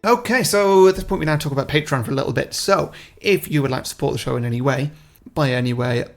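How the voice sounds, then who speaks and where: A man's voice: fairly high pitch, fast talker, vocal fry, faint music behind. A man co-hosting a film podcast, chatting casually and reading the show's plugs in a dry, matter-of-fact way. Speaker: podcast co-host. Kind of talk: casual film-review chat.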